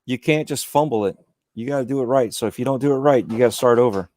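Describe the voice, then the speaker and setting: A man's voice: mid-range voice, fast talker, darkish tone, no echo, clean studio sound. Rambling man chatting on a podcast. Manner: rambling, repeats words, lots of "you know". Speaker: podcast guest. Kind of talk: casual chat.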